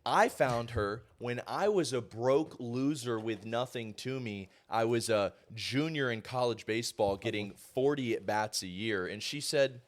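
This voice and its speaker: A young man in his twenties, a podcast host telling animated stories in casual chat and mimicking others. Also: mid-range voice, measured pace, hardly any pauses.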